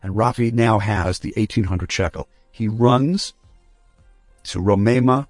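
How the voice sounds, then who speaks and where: A man, a rabbi, telling a story in a lively way and acting out the characters' voices. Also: on the low side, unhurried, no room sound, faint music behind. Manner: animated, acts out quoted voices.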